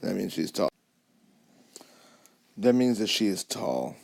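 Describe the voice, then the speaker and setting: A man with a fairly low voice and a gravelly edge of vocal fry explains Spanish adjectives over a whiteboard app. He talks patiently and keeps checking in with his students. He sounds like a teacher narrating a tablet lesson. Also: very animated, slow pace, a little mellow. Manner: patient, repeats "okay?" and "alrighty?" to check understanding. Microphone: tablet mic over whiteboard app.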